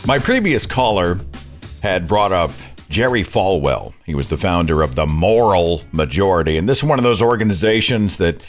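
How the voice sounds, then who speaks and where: Sardonic talk show host, lower voice. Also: male voice, expressive, moderate pace, soft background music. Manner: conversational, sardonic, mimics preachers.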